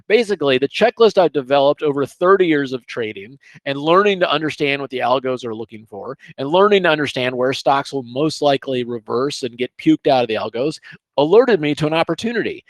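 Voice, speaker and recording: A middle-aged man teaching trading over charts in a casual, animated way, often checking in with "okay?". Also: medium pitch, fairly quick, no echo. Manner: animated, chatty, sprinkles "okay?" and asides. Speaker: trading educator.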